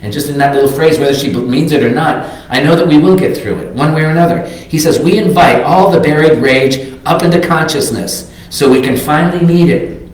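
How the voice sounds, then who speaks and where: A man's voice: on the high side, a little fast. An older man giving a reflective, earnest sermon as a minister, reading quotes aloud. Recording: very echoey sanctuary.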